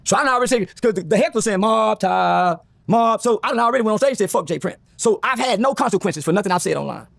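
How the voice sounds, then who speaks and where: A man's voice: high voice, rapid-fire, vocal fry, hardly any pauses, no echo. A man telling a story casually and profanely, acting out other people's lines as he goes. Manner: animated, profane, acts out quoted voices. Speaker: guest.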